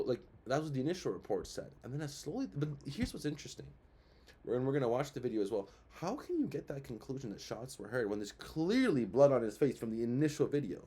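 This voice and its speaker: A young man hosts his own commentary show in a loose, rambling style. His voice is dark, mellow and slightly husky. He keeps throwing rhetorical questions into his talk. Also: mid-range voice. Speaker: show host. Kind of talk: casual commentary.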